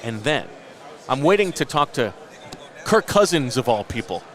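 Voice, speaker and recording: A man in his late thirties hosts a casual podcast at a middle pitch. He spins long, rambling stories and pokes fun at himself as he goes. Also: very animated, normal speed, fairly bright tone. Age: late 30s. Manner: rambling, self-mocking storyteller. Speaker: podcast host. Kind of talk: casual chat.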